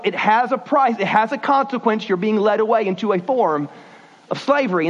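High-voiced preacher, lo-fi. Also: male voice. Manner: animated, folksy preaching with sudden shifts in pace. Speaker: pastor. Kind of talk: sermon. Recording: dull lo-fi sound.

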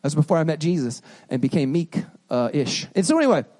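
Male pastor, high-pitched, lively conversational sermon delivery, acts out quick scenes.

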